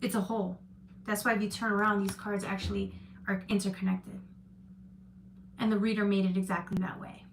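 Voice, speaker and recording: A woman's voice: mid-range voice, level tone, fairly quick, long pauses. A woman giving a casual livestream tarot reading, chatty and loose with slang, answering comments from her chat. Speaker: tarot reader. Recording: echoey room with faint noise.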